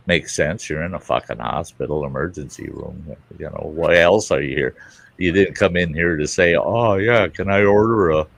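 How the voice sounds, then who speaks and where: A man hosting a laid-back livestream chat, spinning a long, crude anecdote. He swears freely and keeps circling back for laughs. His voice sits very low and sounds dry and close. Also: vocal fry, no echo. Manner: rambling anecdotal storytelling with crude humor and swearing. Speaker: livestream host. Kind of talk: casual chat.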